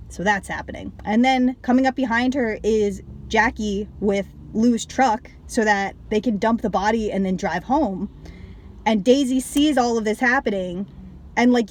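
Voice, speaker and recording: A woman's voice: darkish tone, a little hiss or hum. A woman casually talking through a film review, rambling and filling her speech with "like", sighing and dropping her voice when something bothers her. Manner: rambling, heavy use of "like", trails off and restarts; emotionally invested, sighs and drops low when upset.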